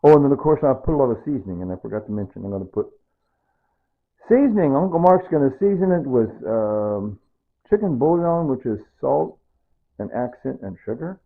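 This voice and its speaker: Rambling gravelly man, tinny phone-like sound. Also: mid-range voice, expressive, a little fast. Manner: rambling, repeats himself. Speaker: home cook. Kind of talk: casual rambling cooking talk.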